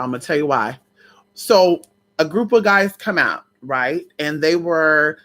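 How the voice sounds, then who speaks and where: A woman vlogger casually telling a personal story to her viewers, animated and full of swearing, often calling them "y'all". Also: low-pitched.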